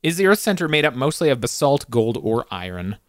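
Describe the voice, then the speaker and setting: A man's voice: medium pitch, very animated, a little fast, no room sound. A man from Canada hosting a casual trivia board game, reading questions with a playful, joking manner. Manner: playful, joking, laughs often.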